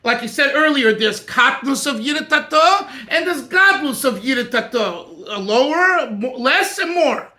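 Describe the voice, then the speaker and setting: Bright high-voiced rabbi teaching emphatically. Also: male voice, lively intonation, normal speed, few pauses. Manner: emphatic, thinking aloud, restarts often. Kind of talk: animated Torah class discussion.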